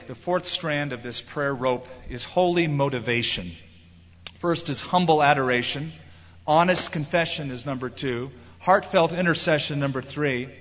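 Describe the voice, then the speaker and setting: A man's voice: on the high side, fairly bright tone. Emphatic preaching man, echoing church. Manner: emphatic preaching, acting out voices in quotes. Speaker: pastor. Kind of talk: sermon. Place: large church sanctuary. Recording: reverberant hall, slightly muffled.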